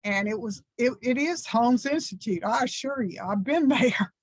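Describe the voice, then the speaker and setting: A woman's voice: fairly high pitch, animated, normal speed, husky, no room sound, poor audio. A woman in her sixties with a Southern US accent, a reverend telling personal stories in a talk at church, enthusiastic and folksy. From American South. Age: 60s. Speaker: reverend, guest speaker.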